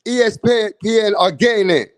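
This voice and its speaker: A man giving casual boxing commentary, excitable and slangy, repeating himself for emphasis. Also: sits high, normal speed, no echo.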